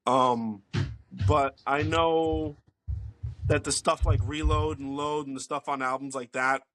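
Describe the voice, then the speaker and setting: A man's voice: a little high, fairly even intonation, a little slow, a bit bright. A man, hosting a podcast and telling rambling, profane stories in casual chat. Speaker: podcast host.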